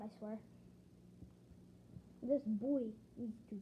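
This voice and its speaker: A woman's voice: fairly high pitch, measured pace, long pauses. Chatty young-sounding woman, noisy recording. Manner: rambling, chatty, self-correcting. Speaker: collector showing plush toys. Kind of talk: casual show-and-tell vlog. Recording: loud background noise with clicks.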